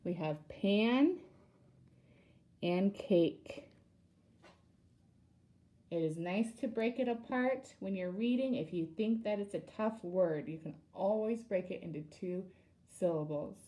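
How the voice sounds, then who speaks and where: A woman's voice: on the low side, normal speed, warm tone. A woman teacher leading a reading lesson for young children, sounding out words syllable by syllable.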